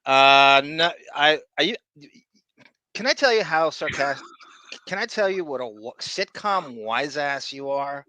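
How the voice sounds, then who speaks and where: A man's voice: on the high side, animated, a little slow, bright, forceful tone, no room sound. A man hosting a podcast, rambling crudely and greeting viewers in chat. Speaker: podcast host.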